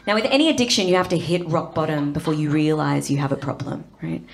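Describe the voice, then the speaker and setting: A young Australian woman performing stand-up comedy, chatty and quick to act out lines, tagging jokes with "right?". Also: low voice, expressive, vocal fry, a little hiss or hum. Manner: chatty, lots of "right?" tags, acts out lines.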